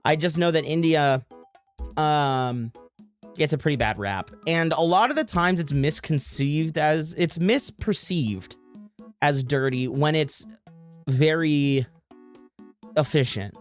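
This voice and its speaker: A woman's voice: deep voice, slow, faint music behind. A woman streamer chatting casually with her viewers, rambling and correcting herself. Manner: rambling, self-interrupting, swearing.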